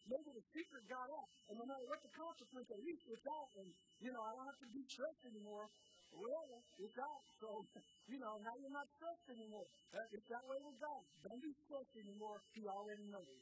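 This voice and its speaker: A woman's voice: fairly high pitch, noisy background. A woman preaching a sermon, urging her listeners on with repeated calls and emphatic declarations. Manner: exhorting, repetitive calls to the congregation. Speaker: pastor.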